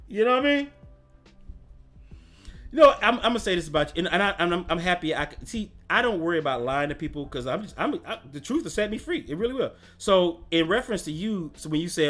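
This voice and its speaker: A man's voice: high-pitched, lively intonation, quick pace, a bit bright, soft background music. A man hosting a casual livestream chat, talking in a slangy, rambling way and laughing often. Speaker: host.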